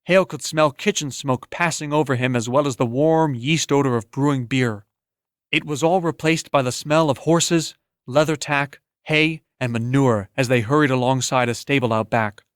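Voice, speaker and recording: A man's voice: medium pitch, normal speed, clean tone, no echo. Man narrating an audiobook in a dry, close voice. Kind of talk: scripted narration.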